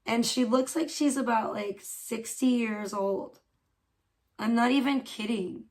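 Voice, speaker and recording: Gossipy woman streamer, slightly high voice. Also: unhurried, a little mellow. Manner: gossipy, profane, scolding her cat. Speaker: livestreamer. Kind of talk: casual livestream chat. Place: at home indoors.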